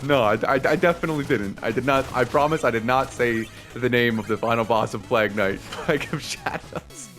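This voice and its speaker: A young man giving rambling, excitable commentary while playing a video game, joking, swearing and laughing at himself. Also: medium pitch, fast talker, hardly any pauses. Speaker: let's play host. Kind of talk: casual gameplay commentary. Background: faint game music.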